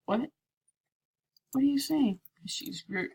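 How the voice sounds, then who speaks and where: A woman's voice: fairly high pitch, animated, a little slow, a little mellow. A slightly sick woman chatting playfully through a casual gameplay commentary, slipping into whispered asides. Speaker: gameplay video creator.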